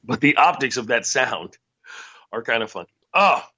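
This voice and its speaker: A man's voice: medium pitch, expressive, moderate pace, bright, forceful tone, slightly rough, no room sound. A man hosting a casual solo podcast, rambling and sarcastic, often breaking into laughter at his own jokes. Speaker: podcast host.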